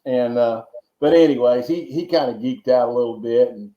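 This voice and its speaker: A man's voice: medium pitch, moderate pace. Guy from georgia rambling thru stories, stumbles over words, echoey dull audio. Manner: rambling, repeats words, folksy asides. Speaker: podcast guest. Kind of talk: casual storytelling interview. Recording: roomy, dull lo-fi sound.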